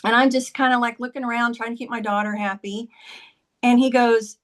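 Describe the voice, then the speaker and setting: A woman's voice: fairly high pitch, little pitch movement, brisk. A woman talking as a podcast guest, telling a personal story in a conversational way and often saying "like" and "he goes".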